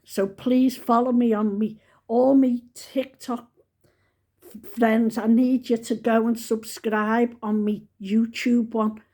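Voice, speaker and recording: A woman's voice: a little high, little pitch movement, slow pace, warm tone. A woman in her seventies chatting casually to her followers, rambling and fond. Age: 70s. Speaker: vlogger. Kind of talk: casual chat to camera.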